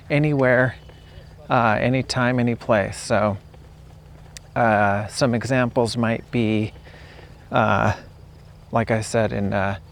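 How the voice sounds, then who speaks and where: Slow-talking man with a gravelly voice. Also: mid-range voice, a little hiss or hum. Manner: unhurried, repeats example phrases to demonstrate them. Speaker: English teacher. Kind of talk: casual spoken lesson. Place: outdoors on a walk.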